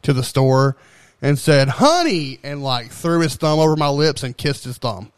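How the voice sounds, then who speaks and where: A man's voice: mid-range voice, steady tone, normal speed, clear, resonant tone, dry recording. Laughing, profane young man storyteller. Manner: profane, laughing storyteller who acts out voices. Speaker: podcast co-host. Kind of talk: casual chat.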